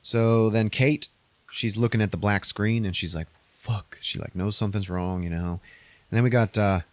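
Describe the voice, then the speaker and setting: A man's voice: on the low side, steady tone, moderate pace, no room sound. A man casually recapping a movie on a podcast, rambling and profane, acting out characters' lines in a raised voice.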